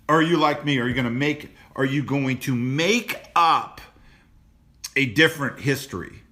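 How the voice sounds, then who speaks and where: A man hosting a motivational rant to camera, blunt and preachy, repeating himself, dropping low and quiet on personal points. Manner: blunt and preachy, repeats phrases, many restarts. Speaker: host.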